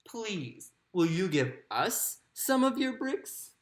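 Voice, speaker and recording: A woman voicing three polite little wolves in a storybook, asking gently and a little lower and quieter than her usual voice. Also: very animated, takes it slowly, echoey room.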